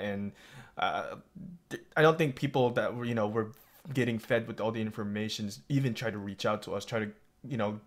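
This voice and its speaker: Man, filipino accent, host, casual discussion, bright forceful voice. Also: fairly low pitch. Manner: halting, loose phrasing. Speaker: channel host.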